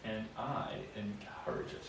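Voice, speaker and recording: Very animated yet a little slow, a young New Zealand man with a fairly low voice and a New Zealand accent paints on a live stream. He chats casually, takes viewer comments, and mutters to himself as he works. Echo, noise, and a distant mic mark the recording.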